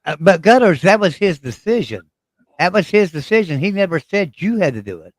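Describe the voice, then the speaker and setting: A man's voice: sits high, very animated, brisk, no room sound. A man co-hosting a casual chat, blunt and teasing, swearing and repeating himself as he argues. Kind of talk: heated political argument.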